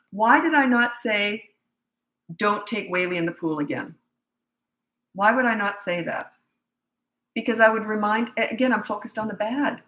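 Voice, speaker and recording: Bright, no-nonsense middle-aged woman. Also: mid-range voice, reverberant, poor audio. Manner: direct, no-nonsense, animated retelling. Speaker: parenting coach. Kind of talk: casual storytelling advice.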